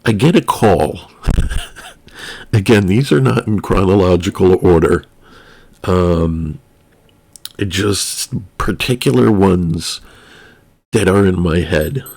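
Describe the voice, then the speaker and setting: A man with a low, gravelly voice telling a personal story at an unhurried, drawn-out pace. He rambles wryly, trailing off into asides before picking the thread back up. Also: a little mellow. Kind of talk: casual storytelling.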